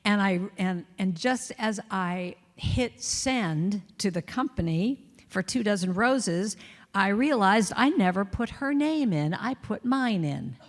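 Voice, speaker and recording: A woman giving a storytelling talk to a congregation, lively and self-mocking, acting out her inner critic's voice. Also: medium pitch, slow. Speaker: guest speaker. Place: large reverberant church hall. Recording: long hall reverb.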